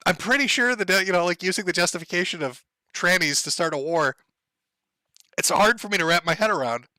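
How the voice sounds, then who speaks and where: A man's voice: high-pitched, fairly quick, pushed and bright, dry recording. A man hosting a livestream, ranting in a sardonic, profane way and laughing often. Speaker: livestream host. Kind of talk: casual livestream rant.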